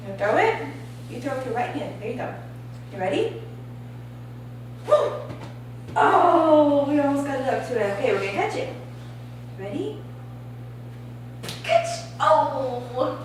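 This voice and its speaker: A woman's voice: sits high, very animated, normal speed, pauses often, slight background noise. A young mother at home talking to her toddler in a sing-song, coaxing voice and laughing often, recorded on a home video camera. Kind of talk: playful talk to a toddler. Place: family home.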